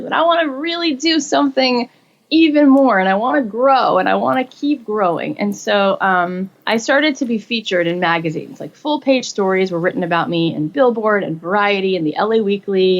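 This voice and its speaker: A woman in her forties tells her story in a relaxed interview, her mid-pitched voice carrying a gravelly fry at the ends of phrases. She animates her tale by leaping up in pitch whenever she quotes someone. The recording sounds a little dull and lo-fi. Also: brisk, few pauses. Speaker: guest.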